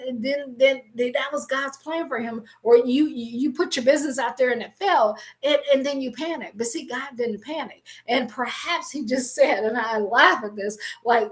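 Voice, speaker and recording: A woman giving an emphatic, repetitive motivational talk on business and faith, addressing her listeners directly. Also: high voice. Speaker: business coach and Christian speaker.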